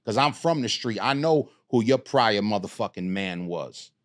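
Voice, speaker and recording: A man's voice: on the low side, normal speed. A middle-aged man, telling a story in a casual podcast chat, streetwise and profane. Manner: animated, streetwise storytelling with swearing. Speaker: podcast guest.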